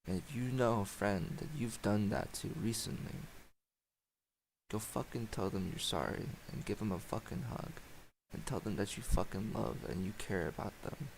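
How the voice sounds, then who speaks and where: A man's voice: on the low side, moderate pace, vocal fry, slight background noise, rough recording. A man streaming an emotional, heated rant, swearing often and sighing between thoughts.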